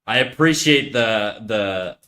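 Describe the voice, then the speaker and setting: A man's voice: on the low side, lively intonation, slow pace. Joking man chatting on a stream. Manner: joking, teasing banter with quiet mumbled asides. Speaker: livestreaming artist. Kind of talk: casual stream chat while drawing.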